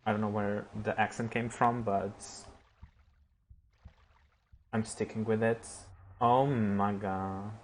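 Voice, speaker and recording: A man streaming a game live, chatting to his viewers, reacting loudly and swearing as he plays. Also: on the low side, measured pace, slight background noise. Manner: excitable, swears, talks to chat. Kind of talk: live gameplay commentary.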